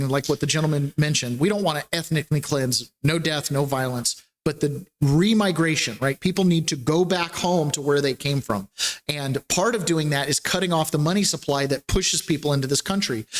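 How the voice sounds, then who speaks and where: A man hosting a casual political talk podcast, chatty and rambling, laughing between points. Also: a little high. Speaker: podcast host.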